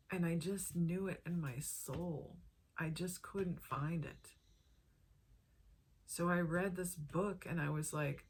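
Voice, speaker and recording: A woman's voice: fairly low pitch, fairly even intonation, slow pace, slightly rough. A woman vlogger sharing a personal health testimony in an earnest, heartfelt way, drawing out her phrases.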